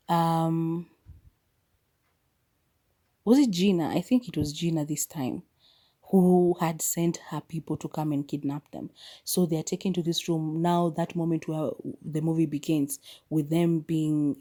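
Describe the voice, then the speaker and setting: With a relaxed, mellow voice pitched low rather than bright, a woman walks through a movie's plot for her podcast. The recap is casual and loose, full of fast asides and moments where she corrects herself.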